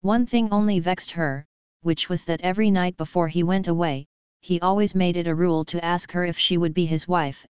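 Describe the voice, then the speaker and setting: Clear, low-voiced woman narrating a fairy tale. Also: fairly even intonation, normal speed, darkish tone, dry recording, highs cut off. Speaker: audiobook narrator. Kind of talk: storybook narration.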